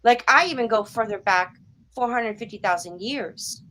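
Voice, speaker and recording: A woman's voice: fairly high pitch, normal speed, pushed and bright, poor audio. A woman hosting an interview, earnest and reflective, speaking in spiritual phrases. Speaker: interview host. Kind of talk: casual interview talk.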